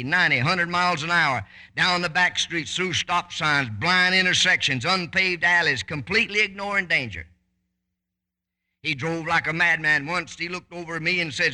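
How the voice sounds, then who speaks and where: A man preaching a sermon, fervent, with sudden loud high bursts and quick asides.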